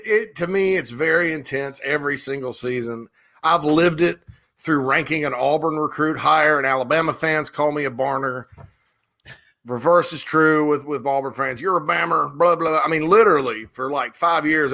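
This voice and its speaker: A middle-aged man hosting a sports talk show, telling rambling, animated stories full of restarts in a casual chat. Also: fairly high pitch.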